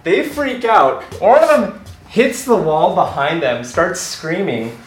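A teenage man telling a personal story about working at a haunted house, animated and breaking into laughter as he goes. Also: high-pitched, takes it slowly, roomy sound, faint music behind, rough recording. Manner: animated, laughs through his own story. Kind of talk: personal anecdote told to an audience.

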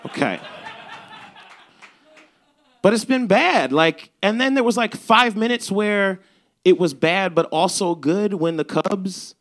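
Young male comic, animated storyteller, slightly high bright tone. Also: slow, long pauses. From Chicago's South Side. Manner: animated, swearing, acts out quotes. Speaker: stand-up comedian. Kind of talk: stand-up storytelling.

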